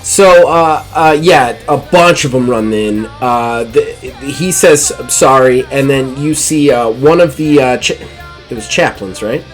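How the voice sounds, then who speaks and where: A man's voice: medium pitch, a little slow, soft background music. Chatty man running a tabletop game. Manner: chatty, apologetic, laughs often. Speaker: game master. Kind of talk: narrating a live-play tabletop game.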